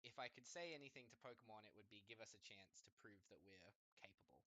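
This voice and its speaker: A man's voice: fairly low pitch, fast, bright, forceful tone, no room sound, low-quality recording. An Australian man co-hosting a podcast, making earnest, speechlike appeals in a casual discussion. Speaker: podcast co-host.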